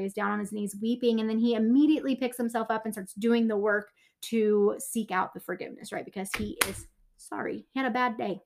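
A woman's voice: steady tone, brisk, gravelly. A young woman giving a casual Bible talk, chatty and filler-heavy, often asking "right?". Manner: acts out quotes in a lower voice. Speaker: Bible teacher.

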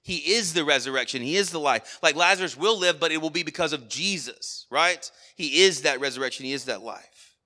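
A man's voice: fairly high pitch, fairly quick, pushed and bright. A man preaching a sermon at a church worship service, earnest, with frequent rhetorical asides. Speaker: pastor.

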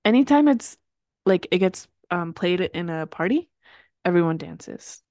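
A woman's voice: fairly low pitch, animated, measured pace, darkish tone, dry recording, studio quality. A young woman co-hosting a podcast, chatting with enthusiasm and laughing often. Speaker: podcast co-host. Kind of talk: casual chat.

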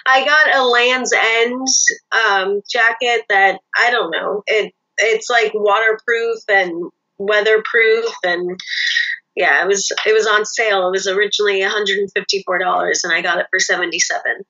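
Brief: woman guest, bright high voice, easy laughter, muffled call audio. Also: fairly even intonation, normal speed. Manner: laughs easily, short replies. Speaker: guest, host's sister. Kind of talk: casual chat. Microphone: video call.

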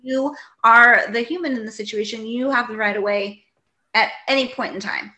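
A woman co-hosting a casual chat, telling animated stories and acting out what people said. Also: on the high side, moderate pace. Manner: animated storyteller, acts out quotes, exasperated.

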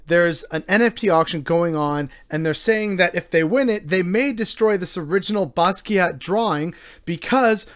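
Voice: mid-range voice, fairly bright tone. A commentator from Canada, ranting angrily and sarcastically about the news with lots of swearing. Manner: angry, sarcastic, heavily profane.

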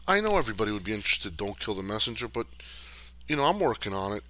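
A man's voice: fairly low pitch, sing-song, a little fast, noisy background. A middle-aged man hosting a podcast, chatting casually and answering viewer questions in a loose, streetwise way, with lots of fillers and cursing. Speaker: podcast host. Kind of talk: casual rambling chat, reading viewer questions.

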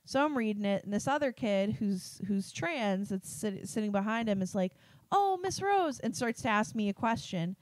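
Woman, podcast guest, casual storytelling, laughs often, mid pitch, dry mic. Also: normal speed, few pauses, dry recording. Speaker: podcast guest, hospital teacher.

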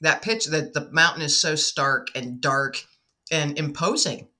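A woman guest in a casual podcast conversation, a lively storyteller who acts out the dialogue in what she tells. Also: deep voice, unhurried.

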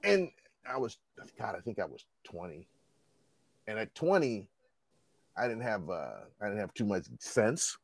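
Ranting man with a lively voice. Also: on the low side, a little slow, long pauses, dry recording. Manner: blunt, profane ranting. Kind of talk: casual chat.

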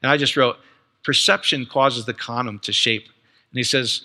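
Man, preacher, teaching sermon, animated, conversational, very bright tone. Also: mid-range voice, normal speed, in a large hall. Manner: animated, excited, conversational, quotes others.

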